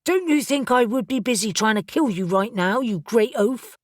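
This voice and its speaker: A woman voicing a gruff, suspicious winged male warrior angel who talks bluntly in an audiobook. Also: fairly high pitch, animated, moderate pace, no echo, studio quality.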